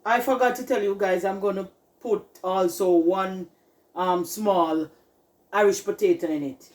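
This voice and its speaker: In her home kitchen, a Jamaican-accented woman hosts a casual cooking channel video, chatting with viewers, calling them "people," and urging "look at that" at the food. She has a mid-range, darkish voice and a measured pace. The recording quality is rough.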